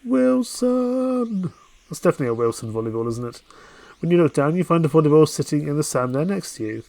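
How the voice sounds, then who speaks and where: A man's voice: on the high side, very fast, darkish tone, no room sound. A man playing a dating game on stream, reading its narration aloud and dropping playful, jokey asides.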